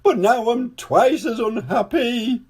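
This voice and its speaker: A miserable storybook king, wailing and sniffling through every line, as a man puts him on. The voice pitches up high and swoops about, slow and husky. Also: huge pitch swings, darkish tone, exaggerated voice. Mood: weeping. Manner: wailing and sobbing, high and strained. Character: weepy unhappy male king of a gloomy land.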